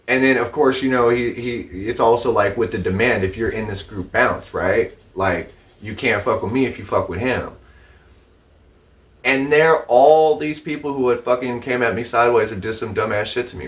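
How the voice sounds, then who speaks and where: A man's voice: medium pitch, far from the mic. A man telling his side of a personal dispute in a casual, profane vlog, repeating himself as his indignation builds. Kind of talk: casual, heated storytelling to camera.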